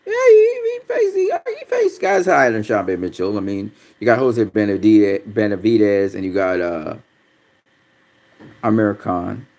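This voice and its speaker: A man's voice: lowish voice, big pitch swings, normal speed, darkish tone. A man hosting a casual livestream, talking bluntly with lots of swearing and getting easily frustrated as he reads viewer comments. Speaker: livestream host. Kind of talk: casual livestream chat about boxing, reading viewer comments.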